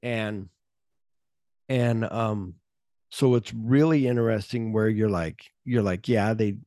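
A man chats through a movie on a podcast, tone dark and mellow. He keeps acting out characters' lines in quick, offhand impressions. The sound is dry and close, with no room echo. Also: lowish voice. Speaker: podcast host. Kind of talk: casual movie discussion podcast.

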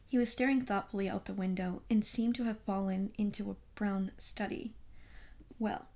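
A woman narrating a classic detective story in a measured reading voice. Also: medium pitch, fairly even intonation, mellow. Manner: measured storytelling read aloud. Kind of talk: audiobook narration.

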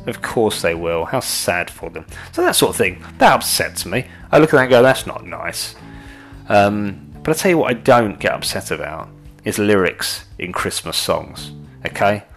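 A man's voice: low-pitched, fairly bright tone. A man ranting in a casual monologue, sweary and exasperated, rambling with restarts.

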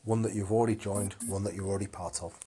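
A man's voice: low-pitched, steady tone, fast talker, dark tone, slight background noise. A man, hosting a casual call-in chat in an encouraging, playful way.

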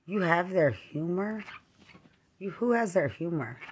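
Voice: mid-range voice, lively intonation, measured pace, husky. A middle-aged army veteran from Texas giving an angry, rambling monologue full of repeated accusations.

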